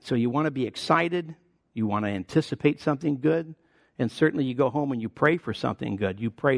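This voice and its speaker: A man in his sixties preaching a sermon as a pastor, conversational with personal asides, leaping up in pitch and volume to stress key words. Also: animated, brisk, gravelly, no room sound, clean studio sound.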